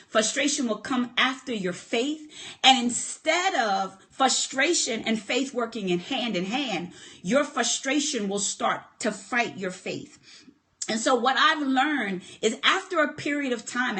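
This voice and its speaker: Woman preaching, pretty high voice, swings up and down a lot, punchy and repeats herself. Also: fairly bright tone. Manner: emphatic, repeats lines and calls for response. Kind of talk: motivational sermon.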